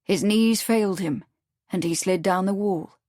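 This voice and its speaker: A woman's voice: mid-range voice, a little slow, darkish tone, no echo. Woman reading an audiobook, dry sound. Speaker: audiobook narrator. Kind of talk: scripted narration.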